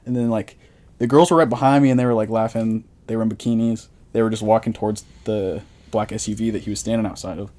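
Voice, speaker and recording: A man's voice: fairly low pitch, steady tone, fast, warm tone. A young man in casual podcast chat, telling rambling stories full of slang. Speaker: podcast co-host.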